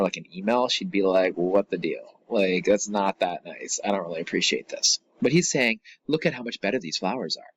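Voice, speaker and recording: A middle-aged man teaching a recorded lesson, explaining a poem in a casual, chatty way with asides. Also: mid-range voice.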